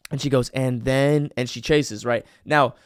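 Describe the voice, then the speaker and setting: A man hosting a podcast, giving casual advice in an energetic, emphatic way with many fillers. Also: mid-range voice, normal speed, dry recording, clean studio sound. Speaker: podcast host.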